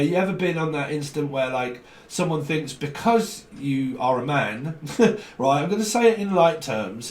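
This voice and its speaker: A man rambles through a casual tarot reading, his voice sitting a touch high. He drops in slang and acts out little back-and-forth exchanges in different voices. The room around him sounds echoey. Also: far from the mic. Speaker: tarot reader.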